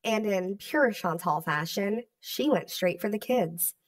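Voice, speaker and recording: A woman narrating a commentary video in a measured, scripted way, reading out dates and comments. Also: mid-range voice, no room sound, far from the mic.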